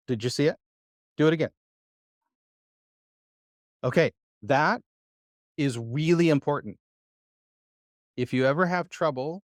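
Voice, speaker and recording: Male teacher, mid-pitched, patient, quizzes the room, dry close sound. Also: no echo. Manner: patient, quizzes the class, many "uh" fillers. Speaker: Bible Hebrew teacher. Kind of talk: live classroom lesson. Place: church class room.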